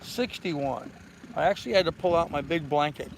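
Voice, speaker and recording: A man's voice: a little high, moderate pace. Older man chatting on a noisy boat. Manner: rambling, easygoing, reads viewer comments aloud. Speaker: vlog host. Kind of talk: casual livestream chat. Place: on a sailboat in a harbor.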